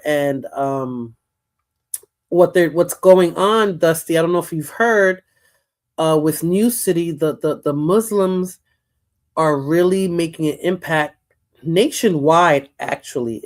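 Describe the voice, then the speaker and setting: A woman with a New York accent hosting a casual live stream chat, rambling and repeating words as she talks. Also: low voice. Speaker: livestream host.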